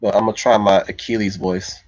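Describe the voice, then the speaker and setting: A man's voice: on the low side, little pitch movement, a little fast, darkish tone, no echo. A man hosting a livestream, chatting casually and meandering as he answers viewers' comments. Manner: loose, meandering, thinks aloud while answering viewers. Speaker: livestream host reading chat. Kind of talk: casual rambling livestream chat. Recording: slightly dull lo-fi mic, dry.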